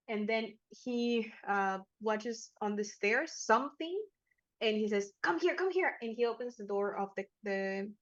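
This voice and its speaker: A woman's voice: fairly high pitch, fairly bright tone. Chatty woman game master, lo-fi mic. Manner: chatty, hesitant with fillers, laughing often. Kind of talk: narrating a tabletop game.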